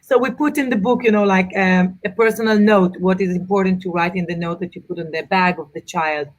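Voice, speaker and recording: A middle-aged woman, an author and mother of four, chatting in an interview and telling travel stories with animated asides. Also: on the low side. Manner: animated storyteller, quick asides. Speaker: author and guest. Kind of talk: casual interview chat.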